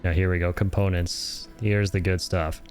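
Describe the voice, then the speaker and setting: A man's voice: low-pitched, level tone, moderate pace, a little mellow, soft background music. A young man casually commentating his gameplay on stream, chatty and enthusiastic, reading menu text aloud. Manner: chatty, enthusiastic, laughs often.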